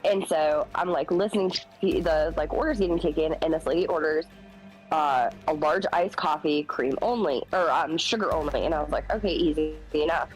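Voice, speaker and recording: Woman telling a lively story over music. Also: deep voice, normal speed, rough recording. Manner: animated, acts out quoted voices. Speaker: streamer. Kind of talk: casual storytelling on a game stream. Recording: music playing behind.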